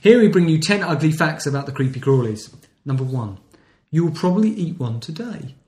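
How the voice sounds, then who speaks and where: A man co-hosts a casual comedy podcast, reading local news items aloud and chuckling through them. His voice sits a little high. The recording has a roomy echo. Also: animated, a little fast, a little mellow. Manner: reads news stories aloud, laughing often. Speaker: podcast co-host.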